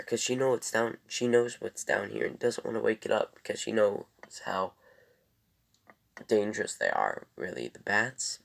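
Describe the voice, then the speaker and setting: A man's voice: on the low side, vocal fry, a bit bright. A young man giving a casual TV episode review in a rambling, loose way, with many ums and corrections.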